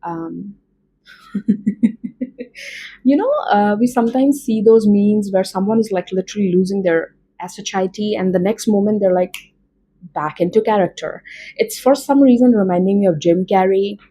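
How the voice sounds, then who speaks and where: A woman's voice: mid-range voice, normal speed, mellow, low-quality recording. A woman with an Indian accent doing a casual tarot reading, chatty and rambling with many fillers. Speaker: tarot reader.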